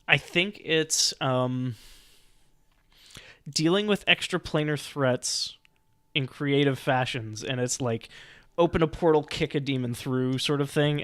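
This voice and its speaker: A man's voice: medium pitch, fairly bright tone, clean tone, dry recording, studio quality. A man playing a tabletop role-playing game, chatting casually with frequent fillers and restarts. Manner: chatty, halting, laughing often. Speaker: player.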